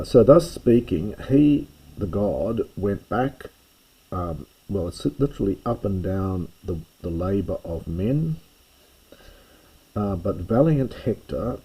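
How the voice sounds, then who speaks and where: A man teaching a slow line-by-line reading of ancient Greek, stopping with fillers and stressing each translation. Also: low voice, warm tone, husky, rough recording. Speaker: classics teacher reading Homer.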